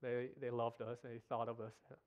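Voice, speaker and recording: Male guest preacher, earnest and emotional, halting delivery, smooth voice, muffled lo-fi recording. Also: medium pitch, level tone. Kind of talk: sermon. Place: church sanctuary.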